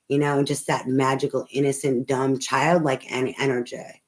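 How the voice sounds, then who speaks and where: A woman's voice: rumbling low, fairly even intonation, moderate pace. Rambling, foul-mouthed woman tarot reader. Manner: rambling, swears freely, laughs often. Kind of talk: casual spoken tarot reading. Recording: noisy home recording.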